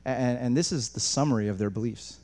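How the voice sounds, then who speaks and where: A pastor delivers an animated sermon in a mid-range voice, talking fast. He shifts between quiet asides and loud, emphatic passages, often restarting his sentences.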